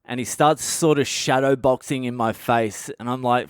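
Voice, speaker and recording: An Australian man in his thirties, a comedian telling wild personal stories in a profane, animated way. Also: mid-range voice, normal speed, clear, resonant tone, dry recording, studio quality. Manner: profane, animated, breaks into laughter. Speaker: comedian podcast host. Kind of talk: comic personal storytelling.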